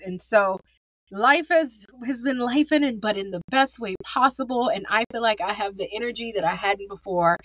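A woman's voice: mid-range voice, a bit bright. A woman of forty speaks alone into a close podcast mic, candid and upbeat. Her voice sits in a middle range, and the sound is dry with no room echo. She talks to the listener like a friend. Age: 40s. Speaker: podcast host. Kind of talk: solo podcast monologue.

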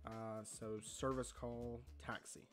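A man's voice: medium pitch, little pitch movement, takes it slowly, faint music behind. A young man casually commenting on a video game he is playing, chatty and confused, laughing often. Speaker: gaming video host.

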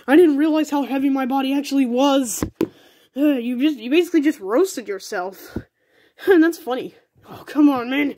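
A woman's voice: high-pitched, normal speed, a little mellow. A woman voicing all the characters of a homemade toy cartoon in a playful, goofy way. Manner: playful, goofy, talks with many restarts.

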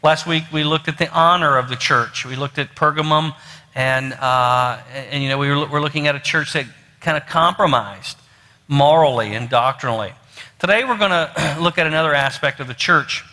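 A man with a West Virginian accent preaches to his church, his voice a bit high and very bright. He talks in a folksy, storytelling way, full of fillers and restarts. The sanctuary gives his words a long, ringing echo. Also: normal speed. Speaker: pastor. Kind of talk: sermon. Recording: long hall reverb.

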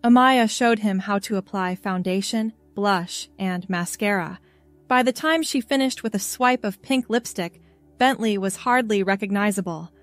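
A woman reading a scripted story aloud in a calm, even storybook manner. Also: medium pitch, moderate pace, faint music behind.

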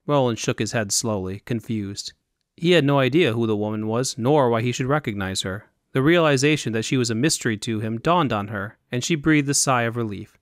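In measured, even tones, a man with a mid-range voice narrates a scripted fantasy audiobook. The recording is dry and clean, with studio sound.

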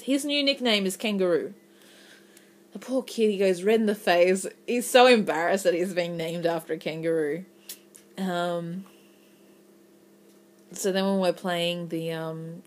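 Chatty Australian woman vlogging. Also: lowish voice. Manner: chatty, rambling, many ums. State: stuffy runny nose. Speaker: English teacher vlogger. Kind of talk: casual vlog chat.

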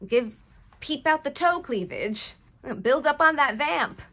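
A woman putting on a klutzy, eager young designer girl who squeals way up high and swings her voice all over. She sounds flustered and bright as she gushes. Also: expressive, slow pace, exaggerated voice. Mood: earnest.

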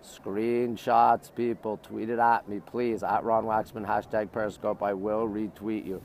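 A man's voice: on the low side, level tone, measured pace, creaky, darkish tone, slight background noise. A man hosting a phone livestream outdoors on a riverbank, greeting viewers by their home towns and pointing out the sights around him. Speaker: livestream host. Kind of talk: live streaming tour.

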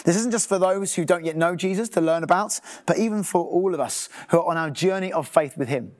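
A man preaches as a pastor, his voice sitting a little high for a man. He speaks earnestly and now and then voices the thoughts of people in the pews. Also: a little fast. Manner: earnest, acts out listeners' thoughts. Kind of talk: sermon.

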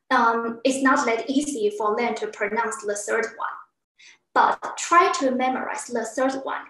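A woman teacher with a high voice takes her time, speaking slowly and patiently as she walks a beginner class through each point. She acts out example sounds with big swoops of pitch. The echoey classroom rings around her. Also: a bit bright. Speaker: Chinese language teacher.

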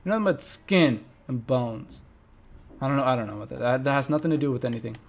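A young man hosting a let's play, chatting with viewers and reacting loudly and playfully to the game. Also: mid-range voice, fast, creaky, slight background noise. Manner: playful, jokes and mock eulogies. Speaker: gaming channel host.

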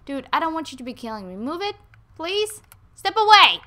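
A woman's voice: high voice, big pitch swings, a little fast. A woman hosting a gaming video, chatting casually and talking to the game's characters as she plays. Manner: chatty, talks to game characters. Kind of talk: let's play commentary.

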